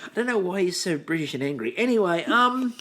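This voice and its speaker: A woman's voice: on the low side, sing-song, fairly quick, fairly bright tone. A woman co-hosting a casual recap podcast. She laughs often and acts out the quotes she tells. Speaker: podcast co-host.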